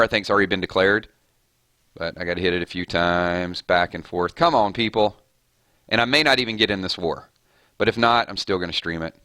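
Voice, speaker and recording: A chatty male streamer with a lowish, forceful voice, a touch hoarse after a loud weekend. He talks loosely and relaxed over gameplay, greeting viewers one by one. The sound is dry and close to the mic. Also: no room sound. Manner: relaxed, chatty, reads out viewer shout-outs. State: slightly hoarse. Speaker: gaming streamer host. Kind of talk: casual live-stream chat over gameplay.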